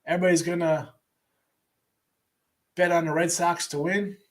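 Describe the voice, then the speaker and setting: A man's voice: a little high, level tone, normal speed. A man hosting a sports betting show, running through daily picks in a casual, offhand way with wry asides and trailing restarts, while reading a live chat.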